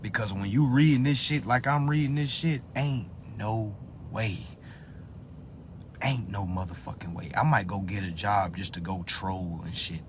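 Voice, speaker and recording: A man hosting a live phone stream in a profane rant, dropping to low muttering and then bursting into loud, high-pitched shouts. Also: a little slow, background noise. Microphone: phone on a social live stream.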